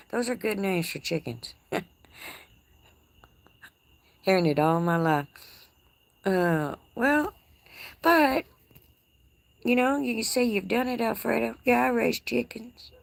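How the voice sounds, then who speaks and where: A woman with a Texas accent hosts a casual livestream from her outdoor porch as crickets chirp in the background. Her voice is on the high side, a little slow and creaky, with long pauses and no echo. She reads viewer comments in a folksy, teasing way and laughs often.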